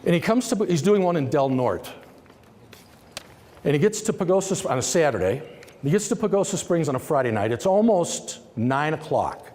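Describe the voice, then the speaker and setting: A man telling a business story as a summit keynote speaker, conversational and lively, acting out the dialogue. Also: fairly high pitch, moderate pace. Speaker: company executive giving a summit presentation. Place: large conference hall. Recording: long hall reverb.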